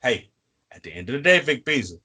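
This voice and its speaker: Husky-voiced man, fired-up fan talk. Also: medium pitch, sing-song, fairly quick, bright, forceful tone. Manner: preachy, repetitive, addressing a player directly. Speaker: co-host. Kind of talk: fan sports podcast talk.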